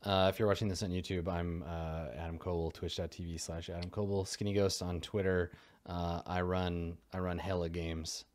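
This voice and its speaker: A man's voice: deep voice, flat delivery, normal speed, darkish tone. A man who hosts and runs tabletop games, chatting loosely and casually and swearing now and then. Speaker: game master and stream host. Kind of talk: casual stream chat.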